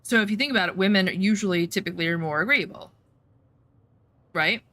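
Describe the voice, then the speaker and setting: A woman's voice: medium pitch, a little fast. A woman streamer chatting casually while playing, telling a story bluntly and swearing freely, acting out what people said. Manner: animated storytelling, acts out quotes.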